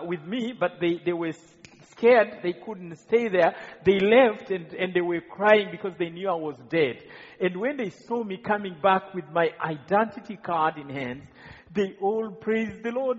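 A man from Rwanda preaches, telling his testimony as a story full of quoted voices and restarts. His voice sits high and a little husky. The sound is dull and lo-fi, with the long echo of a large hall. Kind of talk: sermon testimony.

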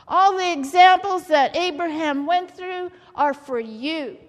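High-voiced woman preaching in a hall. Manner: lively, asks the congregation questions often. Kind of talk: sermon. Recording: long hall reverb.

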